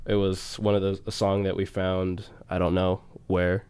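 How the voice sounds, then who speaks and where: A man's voice: low voice, completely flat delivery, normal speed, darkish tone, smooth, dry recording. A young man co-hosting a casual college radio show, rambling through stats and song intros with frequent fillers and laughs.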